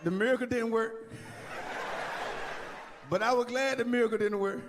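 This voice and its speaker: A male stand-up comic with a fairly high voice, telling stories in an animated, playful way and slipping into preachy asides. The sound carries a long hall reverb from a large live venue, with faint room noise underneath. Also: normal speed. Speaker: stand-up comedian.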